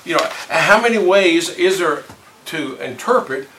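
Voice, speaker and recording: A man's voice: a little high, animated, unhurried, a bit bright. Folksy man teaching a Bible class. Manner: conversational, folksy, with rhetorical questions. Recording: roomy distant room mic, faint noise.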